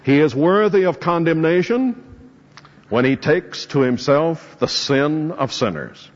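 A man's voice: on the high side, expressive, a little slow. A man preaching an expository sermon, reading scripture verses and explaining them with rising emphasis. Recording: muffled hall recording with long reverb.

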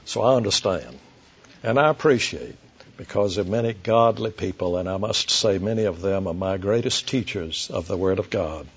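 A man preaching an expository sermon to a congregation, slow and deliberate, emphatic, with light asides to his listeners. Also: fairly low pitch, animated, vocal fry, breathy edge. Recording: dull lo-fi sermon recording.

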